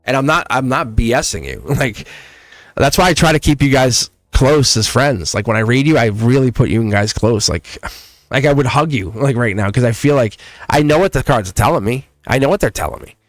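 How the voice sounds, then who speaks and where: A man hosting a live tarot reading, talking in a chatty, excited way, laughing often and acting out voices as he reads the cards. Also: mid-range voice, a little fast, no room sound.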